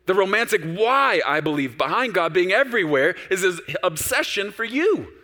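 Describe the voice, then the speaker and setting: A man pastor preaching a sermon on a stage, shifting from quiet storytelling to loud, urgent exhortation. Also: high-pitched, moderate pace, hardly any pauses, long reverb tail. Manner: animated, swinging from soft storytelling to loud exhortation. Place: large church auditorium with stage.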